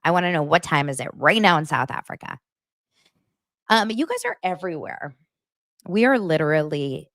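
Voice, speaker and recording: Woman livestream host, lively swooping voice, gossipy chatter, dry close sound. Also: lowish voice, measured pace, pauses often, no room sound. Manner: chatty and gushing, full of fillers and asides. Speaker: host of a pop-culture livestream show. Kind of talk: casual chat to a live audience.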